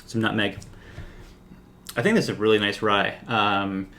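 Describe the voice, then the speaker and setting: A man's voice: fairly low pitch, moderate pace. Laid-back man reviewing whiskey. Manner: relaxed, frequent "like" and "um" fillers. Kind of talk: casual review talk.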